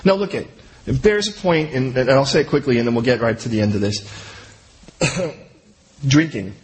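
Guy preaching, super lively swoopy voice, jokey asides, keeps restarting sentences. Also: medium pitch, moderate pace, a little hiss or hum, low-quality recording. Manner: animated, conversational, joking asides; restarts and trails off mid-sentence. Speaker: pastor. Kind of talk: sermon.

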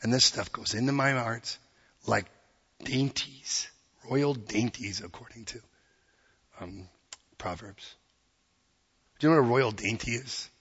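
A man preaching a sermon, earnest and plain-spoken, quoting scripture and acting out quick voices. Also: medium pitch, a bit bright, breathy edge, in a large hall, lo-fi sound.

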